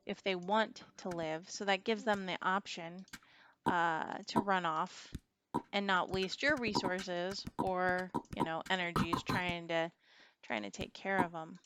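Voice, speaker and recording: A woman's voice: medium pitch, noisy background. A woman giving casual, chatty commentary while she plays a video game, laughing often. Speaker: game streamer. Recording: music playing under the voice.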